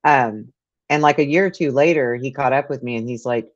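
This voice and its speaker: Low-voiced woman telling rambling stories. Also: brisk. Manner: rambling storyteller, frequent restarts and laughs. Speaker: podcast host. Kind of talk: casual live chat. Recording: muffled lo-fi audio.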